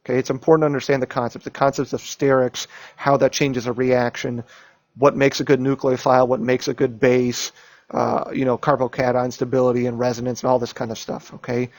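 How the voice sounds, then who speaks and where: A man's voice: mid-range voice, little pitch movement, moderate pace, darkish tone, no room sound. A man teaching chemistry, going over an exam and driving points home by repeating them and checking in with "okay?" and "right?". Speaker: chemistry instructor. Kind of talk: lecture reviewing an exam.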